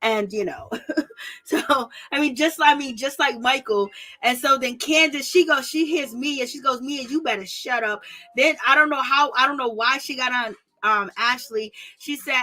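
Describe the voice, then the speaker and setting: This is a woman doing a casual, gossipy recap of a reality show. Her voice sits a little high and has a bright, punchy edge. She talks sassily and breaks into laughter often. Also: normal speed. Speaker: reality TV commentator.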